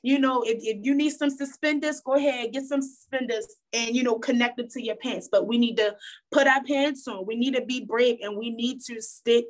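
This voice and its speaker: A woman's voice: on the high side, steady tone, moderate pace. A young woman giving an earnest motivational talk with a preachy tone, repeating phrases for emphasis. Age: young adult. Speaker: guest speaker.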